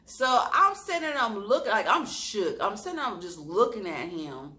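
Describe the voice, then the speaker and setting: A woman vlogger telling a storytime in a lively, expressive way, laughing at her own story. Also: mid-range voice, moderate pace.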